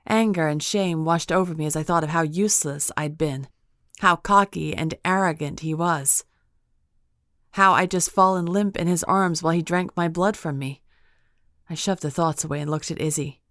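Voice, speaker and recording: A woman narrating a fantasy audiobook in the first person, measured and expressive. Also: sits low, no room sound, studio quality.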